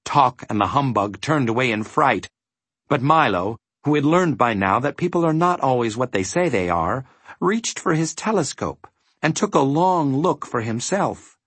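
A man narrating a storybook with an expressive reading. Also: mid-range voice, moderate pace, husky, no room sound.

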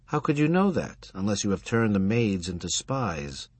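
A man voicing an older rabbi's wife, bitter and defiant, speaking quietly in a clipped, cutting way. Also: lowish voice, sing-song, normal speed, slightly rough, dry recording.

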